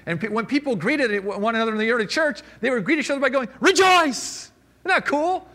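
A man pastor preaching a sermon in a church, animated, swinging between loud exclamations and quiet asides. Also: very high voice, rapid-fire.

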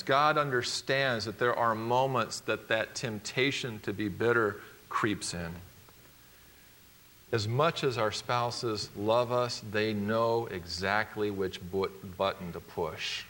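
A male pastor preaching a sermon, emphatic and swinging from loud declarations to hushed, quiet points. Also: lowish voice.

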